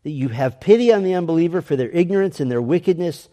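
A man teaching an adult Sunday school lesson, asking earnest, emphatic questions and reading scripture aloud slowly. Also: on the high side, expressive, warm tone, long reverb tail. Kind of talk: Bible lesson.

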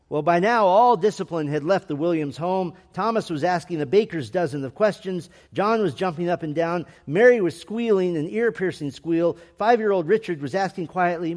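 A man with a slightly high voice tells a family story in a gentle, measured way. Each line trails into a long reverb. He reads like a patient storyteller and voices the quotes himself. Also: animated. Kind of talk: storybook narration.

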